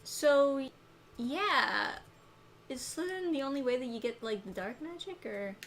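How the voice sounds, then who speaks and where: A woman giving excitable, joking commentary in casual chat while playing a video game. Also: high-pitched, unhurried, slight background noise. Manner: excitable, joking, laughing often. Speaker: gameplay commentator. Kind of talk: casual let's-play chat.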